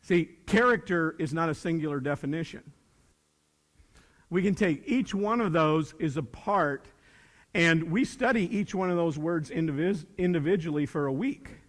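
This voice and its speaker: A middle-aged man, a teacher, giving a folksy, animated motivational talk to students, acting out bits of dialogue. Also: on the high side, moderate pace. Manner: folksy, animated, acts out dialogue with shifting voices. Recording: reverberant hall.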